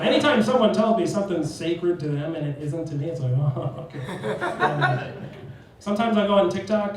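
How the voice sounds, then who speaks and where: A brash, profane young man works through a stand-up set on a comedy club stage, his voice sitting a bit high for a man. The sound comes from a distance through a very echoey room with faint noise behind it. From New Jersey. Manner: brash, profane, acts out both sides of text chats in raised voices.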